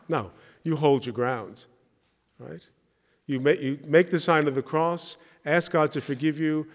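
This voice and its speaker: A middle-aged man addresses a church gathering in an easy, conversational manner, checking in with the listeners as he goes. His voice sits at an ordinary mid pitch. The sound carries the long reverb of a large hall. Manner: conversational, keeps checking with the audience by asking "right?". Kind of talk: spoken talk with anecdotes.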